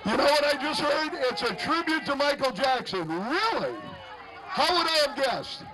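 High, jokey male parade announcer. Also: expressive, moderate pace, a crowd in the background. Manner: jokey, upbeat emcee, often shouting cheers. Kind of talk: live event announcing. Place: outdoors at a street parade. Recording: noisy outdoor parade recording.

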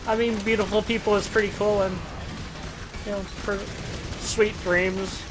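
A man giving jokey gameplay commentary, swinging from loud excited outbursts to quiet muttering. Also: high voice, measured pace, background noise. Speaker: let's play gamer.

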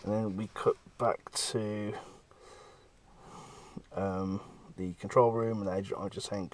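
A comic artist talking casually through pages he has drawn, lively, now and then slipping into quick character voices. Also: on the low side. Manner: lively, breaks into brief character voices while retelling scenes. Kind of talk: casual walkthrough of his own work.

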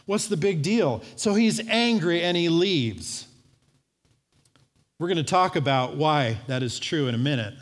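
A man preaching a sermon as pastor, telling a story in a lively way and acting out the voices of its people. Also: on the high side, a little slow, pauses often. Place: church sanctuary. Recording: long church hall reverb.

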